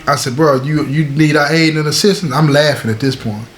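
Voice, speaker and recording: A man telling a prison story in casual slang, switching his pitch up and down as he voices the other men. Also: a little fast, slight background noise. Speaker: storyteller host.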